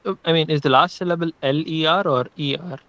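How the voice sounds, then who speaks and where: A man's voice: fairly high pitch, fairly even intonation, fast talker, sharp tone, dry recording, muffled recording. Polite hesitant male student on a call.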